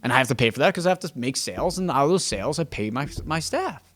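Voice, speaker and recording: A man's voice: mid-range voice, lively intonation, fast, fairly bright tone. A man hosting a podcast as a real estate agent, talking in a casual, emphatic monologue that stumbles and repeats words as he thinks aloud. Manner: acts out quoted exchanges with clients.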